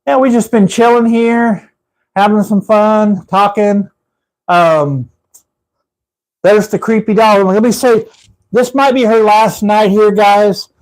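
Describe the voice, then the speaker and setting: A high-voiced Texan man chatting loosely on his livestream from his room at home. He rambles from story to story and laughs at his own jokes. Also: fairly even intonation, slow, rough recording. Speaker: livestream host. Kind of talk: casual live chat with viewers.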